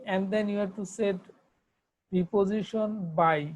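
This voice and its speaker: A woman's voice: medium pitch, fairly even intonation, a little slow, darkish tone, rough recording. A woman with a Bangladeshi accent, giving an online English grammar lesson, who repeats herself and spells words out letter by letter. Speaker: English teacher.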